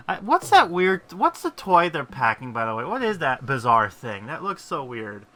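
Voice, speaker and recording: A man's voice: fairly high pitch, wildly swooping pitch, measured pace, pushed and bright, soft background music. A man casually commentating while playing a game, rambling and poking fun at himself. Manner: rambling, self-deprecating, with frequent fillers. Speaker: gaming video host.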